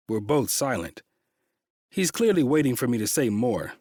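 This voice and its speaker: A man's voice: medium pitch, big pitch swings, moderate pace, darkish tone, husky, no echo, clean studio sound. Man narrating a tense audiobook. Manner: tense, frustrated, swears. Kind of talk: first-person romance audiobook narration.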